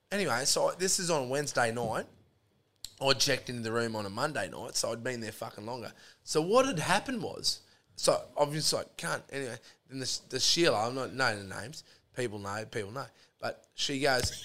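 A man with an Australian accent tells a crude story in loose, profane chat. He jumps into the voices of the people in it as he goes. His pitch sits at an ordinary middle height. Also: animated, fairly quick, a bit bright. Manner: crude, profane yarn-spinning, acts out both sides of remembered arguments. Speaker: podcast guest.

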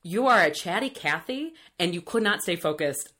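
A woman's voice: fairly low pitch, lively intonation, normal speed, fairly bright tone. A woman co-hosting a casual podcast chat, candid and blunt with a joking edge. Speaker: podcast co-host.

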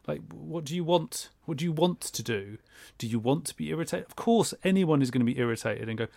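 A man in casual podcast chat, animated, acting out little imagined exchanges. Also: fairly high pitch, a little fast, vocal fry, no echo. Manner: animated, acts out imagined dialogue with mock voices.

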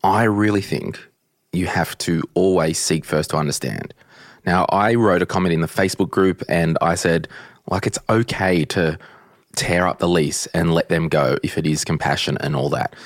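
A man's voice: low voice, normal speed, no room sound, studio quality. A man hosting a podcast in a casual, chatty way, ranting bluntly at times. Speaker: podcast host.

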